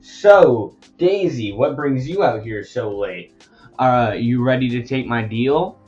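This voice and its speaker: A man voicing a cunning male villain who makes deals, smooth and coaxing, on a muffled home mic. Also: medium pitch, lively intonation, slow, a little mellow, soft background music.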